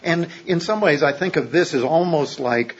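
A man's voice: a little high, normal speed, breathy edge, dull audio. A man preaching a sermon as a pastor in a casual, joking, conversational way, often checking in with his listeners.

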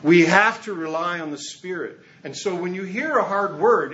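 Guy preaching, chatty and jokey, a bit high voice, sounds kinda muffled. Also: moderate pace, a bit bright. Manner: conversational and humorous, with chuckles and acted asides. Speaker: pastor. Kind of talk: sermon.

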